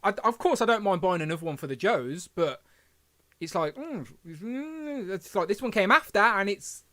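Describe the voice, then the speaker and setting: A man's voice: high-pitched, expressive, normal speed, pushed and bright. A man hosting a casual livestream, rambling and correcting himself as he reads the chat aloud. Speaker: podcast host.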